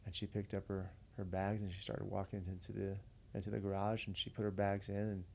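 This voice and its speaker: Man, low gravelly voice, mellow tone, earnest, conversational storytelling. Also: little pitch movement, fairly quick, slight background noise. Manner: earnest, conversational, retells dialogue. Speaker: podcast guest, veteran. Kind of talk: casual storytelling.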